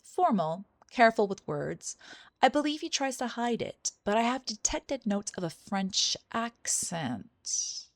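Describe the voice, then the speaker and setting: A measured, courteous village priest from a mystery game, read aloud by a woman in her own voice. The tone is gravelly and creaky, and the sound is dry and close with no room around it. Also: a little high, expressive, dry recording. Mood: calm, formal. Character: calm, formal male village priest. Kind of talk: reading game dialogue aloud.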